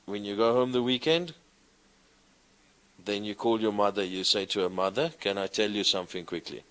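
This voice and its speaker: A man teaching a class, explaining grammar slowly and reciting verb forms in a sing-song way. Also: lowish voice, a bit bright. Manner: slow, deliberate, recites conjugations in a sing-song. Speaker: lecturer. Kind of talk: classroom lecture.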